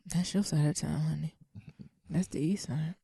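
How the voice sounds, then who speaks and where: A woman co-hosting a podcast in casual chat, animated and teasing, laughing often. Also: deep voice, a little slow, gravelly, husky, dry recording. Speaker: podcast co-host.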